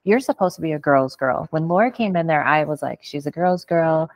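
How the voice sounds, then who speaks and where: A woman hosting a casual chat, blunt and expressive. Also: deep voice, brisk, no echo. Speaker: podcast host.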